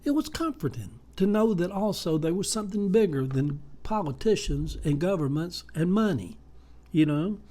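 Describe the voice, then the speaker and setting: A man's voice: high voice, big pitch swings, normal speed, mellow. Folksy older man, rambling. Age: 70s. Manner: rambling, folksy storytelling with many fillers. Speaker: vlogger. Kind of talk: casual monologue.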